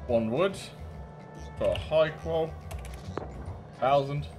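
Male British gamer-host, slightly high pitch, joking and crude banter over light music. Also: slow. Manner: bantering, swearing, laughing often. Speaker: game streamer. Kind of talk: casual gameplay commentary.

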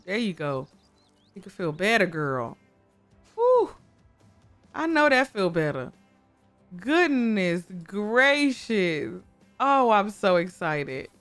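Excitable woman gushing over gameplay. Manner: excitable, gushing, squeals in high bursts, talks to her game characters. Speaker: gaming YouTuber. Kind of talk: casual gameplay commentary. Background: faint background music.

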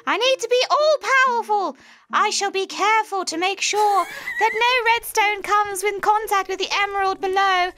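A woman's voice: very high-pitched, moderate pace, pushed and bright, pitched above the performer's own voice. A woman voicing a grieving, power-hungry mad male scientist in a theatrical witchy voice. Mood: scheming. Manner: theatrical witchy cackling delivery.

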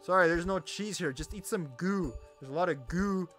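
A young man giving loud, cursing let's-play commentary, yelling at monsters as his voice grows hoarse. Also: high voice, moderate pace, over music. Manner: loud, swearing, talks to the monsters. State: voice getting hoarse. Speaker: gamer.

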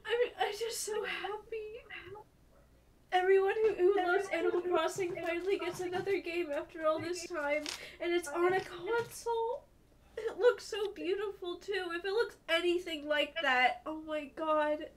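A young woman streaming a live reaction from home, gushing and tearful with excitement. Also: very high-pitched, moderate pace, recorded from a distance.

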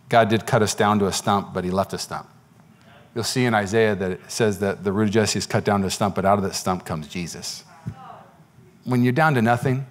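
A man who is a pastor, preaching an energetic sermon that swings from loud exclamations to quiet asides. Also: mid-range voice. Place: church.

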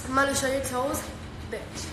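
A woman's voice: high-pitched, flat delivery, unhurried. A teenage woman chatting casually on a live stream, answering viewer comments in a brash, profane, playful way. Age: teens. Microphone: phone. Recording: roomy, noisy phone live stream.

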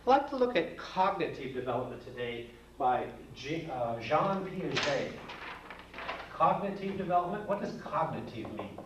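A man's voice: on the high side, very animated, moderate pace, far from the mic. A man delivers a psychology lesson in a folksy, joking manner, full of playful asides. He sounds set back from the microphone in a roomy space. The recording is dull and lo-fi, with a faint hiss underneath. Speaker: psychology teacher. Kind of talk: recorded classroom lecture.

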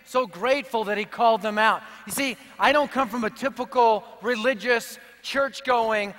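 High bright-voiced energetic preacher. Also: male voice, normal speed. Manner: energetic, punchy, joking. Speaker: evangelist speaker. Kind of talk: sermon with humorous storytelling. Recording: long reverb of a big hall.

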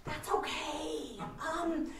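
A woman's voice: high-pitched, drawn-out words. A woman playing a bubbly gushing hostess. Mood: whispery. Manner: gushing, then drops into a conspiratorial whisper. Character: bubbly young woman hosting a friend, gossipy. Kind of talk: live sketch comedy. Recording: roomy live stage, mic far off, audience noise.

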